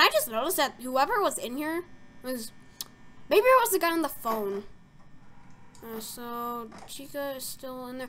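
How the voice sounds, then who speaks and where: High, lively young woman gaming. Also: a little slow, pauses often. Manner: jumpy, easily startled, frequent gasps and squeals; rambling, filler-heavy talk. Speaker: gaming video creator. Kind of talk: casual let's-play commentary.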